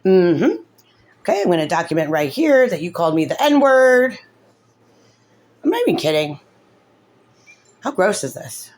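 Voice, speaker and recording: Frustrated mom venting on her vlog, says like a lot, kinda low voice. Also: big pitch swings, unhurried, pauses often, darkish tone. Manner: rambling, full of "like", upset and tearful. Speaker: mother in a custody case. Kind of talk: emotional vlog commentary.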